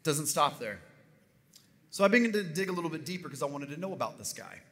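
A man's voice: a little high, fast. A man preaching a sermon, telling a personal story and then building up with rising fervor. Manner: animated, building to near-shouts. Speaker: pastor. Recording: reverberant hall.

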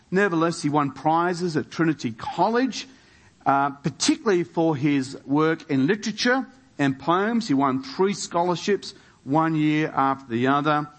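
Pastor preaching in church, slightly high voice, gets emphatic with questions. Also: male voice. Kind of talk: sermon.

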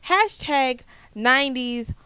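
A woman in her twenties from the United States, hosting her own podcast in a casual, animated chat with frequent restarts. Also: high voice, slow pace, clean tone, dry recording. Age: 20s. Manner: chatty, animated, repeats herself and restarts often. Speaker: podcast host.

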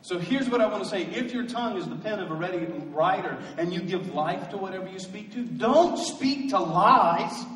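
A man's voice: high voice, quick pace, hardly any pauses, reverberant, long reverb tail, distant mic, low-quality recording. A man preaching a sermon as pastor, building to emphatic calls to the congregation. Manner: rising to emphatic call-and-response preaching. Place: church sanctuary.

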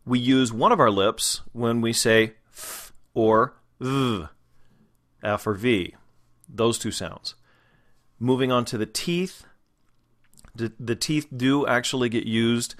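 A man's voice: medium pitch, slow pace, a bit bright. A man teaching a voice and dialect lesson, patiently walking through the parts of the mouth and demonstrating vowel sounds. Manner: patient, methodical explaining with spoken demonstrations. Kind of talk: instructional lesson.

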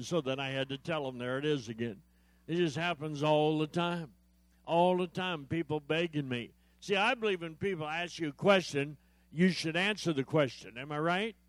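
A man with a fairly high voice preaches as a guest at a church service, mixing jokes and stories into his sermon. He acts out each exchange in his anecdotes and keeps asking the congregation to answer back. The sound is close and dry, with little room echo. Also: fairly bright tone. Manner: joke-telling storyteller, acts out dialogue; calls out to the audience for responses. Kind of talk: humorous sermon.

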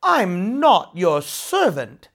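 A storyteller voicing a sharp-tongued, hot-tempered young wife who snaps and shouts, in a storybook read-aloud. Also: mid-range voice, lively intonation, slow pace. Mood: defiant. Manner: snapping, loud and cross.

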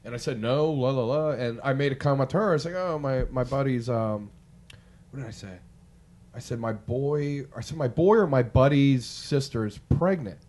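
Speaking at normal speed in a mid-range voice, a man co-hosting a podcast tells a long, rambling story in casual conversation. He swears freely and animatedly acts out quotes from the people involved.

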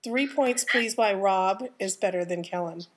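A woman moderating a casual chat in a brisk manner. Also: mid-range voice.

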